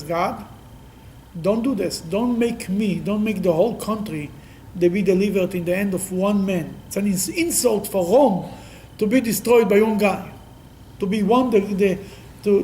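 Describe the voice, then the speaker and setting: A man teaching a Talmud class as a rabbi, explaining lively and acting out the quotes he discusses, with frequent restarts. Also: high-pitched, slight background noise, rough recording.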